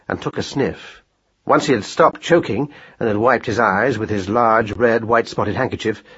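Husky guy reading a kids book aloud, lively delivery, kinda muffled recording. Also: medium pitch. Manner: expressive storytelling. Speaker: narrator. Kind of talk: audiobook narration. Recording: dull lo-fi recording.

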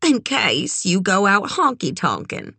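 A woman's voice: medium pitch, huge pitch swings, a little slow, creaky, bright, forceful tone, breathy edge, no echo, pitched above the performer's own voice, heavily acted. A woman voicing a kind older aunt who talks in a dry, wry way. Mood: dry kindness.

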